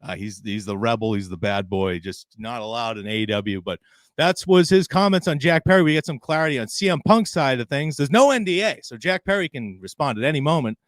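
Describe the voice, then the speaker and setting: A man's voice: medium pitch, animated, brisk, no echo. A man co-hosting a wrestling podcast, retelling a backstage story in casual chat and laughing often as he quotes others. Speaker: podcast co-host.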